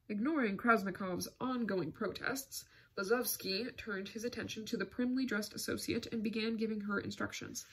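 Woman reading a novel out loud, steady, kinda breathy. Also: mid-range voice, normal speed, hardly any pauses. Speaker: audiobook narrator. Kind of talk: scripted narration.

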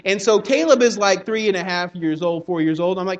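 Man, pastor, high voice, conversational sermon, acts out quoted voices. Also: fast talker, hardly any pauses, dull audio. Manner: conversational preaching, acts out kids' and congregants' voices.

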